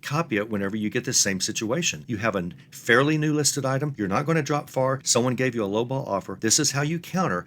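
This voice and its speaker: A man's voice: medium pitch, animated, fast talker, hardly any pauses, a bit bright. A middle-aged man, giving an earnest step-by-step lesson on reselling. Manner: plain, earnest, explains step by step. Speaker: online reselling instructor. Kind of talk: instructional talk to camera.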